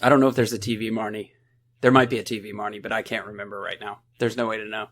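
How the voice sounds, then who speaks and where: A man co-hosting a podcast, chatting casually in a quiet way and making puns. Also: fairly low pitch, little pitch movement, rapid-fire. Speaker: podcast co-host. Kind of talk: casual chat.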